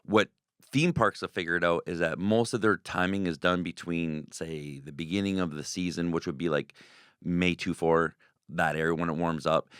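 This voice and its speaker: A haunted house owner, interviewed on radio, recounts tales with excitement and performs the voices of the characters he quotes. He has a smooth, low-pitched voice at a moderate pace, recorded in studio quality without any room sound.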